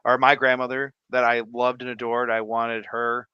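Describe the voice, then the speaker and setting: A man's voice: mid-range voice, little pitch movement, moderate pace, smooth, no echo, lo-fi sound. A man co-hosting a livestream, rambling and laughing as he chats. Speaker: livestream co-host. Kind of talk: casual chat.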